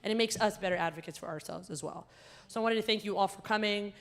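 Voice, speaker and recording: A young woman from the American South, emceeing a gala as a comedian, telling an animated story on a stage microphone in a large hall. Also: mid-range voice, fast. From Southern United States. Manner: animated storyteller, loud acted-out outbursts in quoted lines. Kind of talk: storytelling stand-up set. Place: large performing arts hall at a gala dinner.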